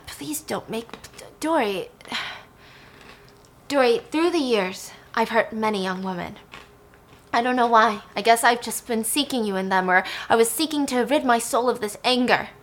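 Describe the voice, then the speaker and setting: A woman voicing a guilt-ridden older male tycoon, halting and pleading as he confesses. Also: a little high, natural voice. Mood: anguished.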